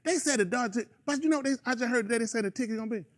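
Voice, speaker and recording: A man hosting a radio show, ranting in an animated, rambling casual chat. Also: very high-pitched, rapid-fire.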